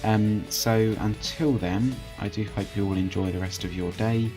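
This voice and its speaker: Over faint background music, a young channel host reviews software through a screen recording. His voice is lowish with fairly even intonation and a normal pace, and his chatty, easygoing delivery is full of hesitations and restarted sentences.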